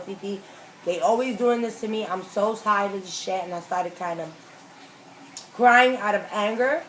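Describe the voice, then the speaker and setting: A woman hosting a mukbang, telling a story in a casual, animated, slangy way and acting out the quoted lines. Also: fairly low pitch, slight background noise, rough recording. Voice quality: animated, emphatic, slangy retelling with acted-out quotes. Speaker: mukbang host. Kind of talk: casual storytelling while eating.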